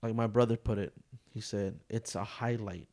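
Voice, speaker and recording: A man's voice: lowish voice, normal speed. A young man co-hosting a casual podcast, joking and swearing as he chats. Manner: joking, swears freely, animated storyteller. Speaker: podcast co-host. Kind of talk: casual chat.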